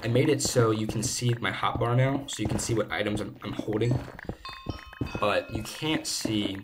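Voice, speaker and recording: A man's voice: steady tone, normal speed. Chatty young man on a noisy mic. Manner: rambling, chatty, playful. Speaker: gaming channel host. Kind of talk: casual chat while playing. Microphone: low-quality desk microphone. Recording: noisy low-quality home mic.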